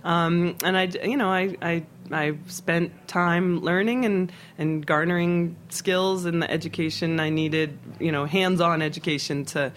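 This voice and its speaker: A middle-aged man from Philadelphia talks about his cooking life in a loose, rambling way. His voice sits a little high, and he keeps circling back over his words with fillers and restarts. Faint steady noise hums behind him. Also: unhurried, few pauses. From Philadelphia, United States. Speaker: chef, interview guest. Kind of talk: casual storytelling interview.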